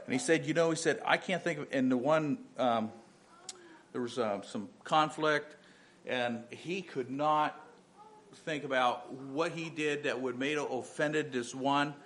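A man's voice: mid-range voice, a little slow, fairly bright tone, a little hiss or hum. A man in his fifties, a pastor giving a sermon, moving from earnest personal storytelling to emphatic preaching with many restarts.

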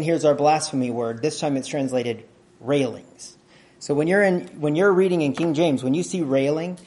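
A man with a mid-range, darkish voice preaches a sermon in a conversational, teaching style. He often puts questions to his listeners and clears his throat.

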